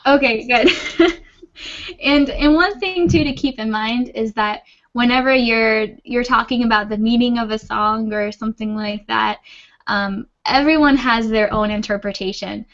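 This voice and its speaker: A woman's voice: on the high side, a little slow, a bit bright, dull audio. A woman teaching an English class over a video call, patient and reassuring. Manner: patient, reassuring, laughs often. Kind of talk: online class, friendly explaining.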